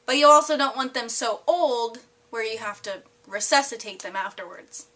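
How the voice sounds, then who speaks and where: A woman's voice: fairly high pitch, moderate pace. A woman doing a sweet, crude old grandma. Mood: sweetly blunt. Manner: gentle, doting tone. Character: elderly grandmother, sweet-voiced but bluntly crude.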